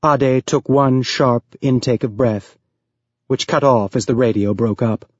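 A man reading an audiobook aloud as narrator, raising his pitch to voice characters. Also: measured pace, darkish tone, no room sound, muffled recording.

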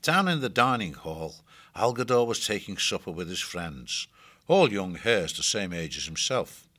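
A man narrating an audiobook with a measured, expressive reading. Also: deep voice.

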